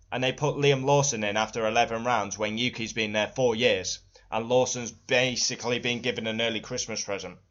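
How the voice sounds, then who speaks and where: A young man vents his fury straight to camera, swearing freely and circling back to the same grievances again and again. His voice sits at an ordinary middle pitch, and the audio is dull and lo-fi. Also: a bit bright. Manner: furious, profane, repetitive outbursts. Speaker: F1 fan vlogger. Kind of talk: angry ranting vlog.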